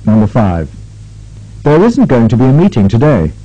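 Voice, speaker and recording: A man instructing a recorded pronunciation drill, speaking slowly and carefully with exaggerated intonation. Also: medium pitch, wildly swooping pitch, dark tone. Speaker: language lab instructor. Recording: dull lo-fi tape recording.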